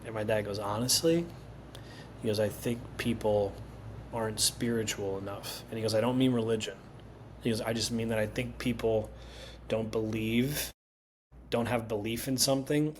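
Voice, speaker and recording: Lively, foul-mouthed male storyteller. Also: lowish voice, normal speed, slight background noise. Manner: animated, profane storytelling with lots of laughter. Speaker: comedian guest. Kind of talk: casual podcast chat.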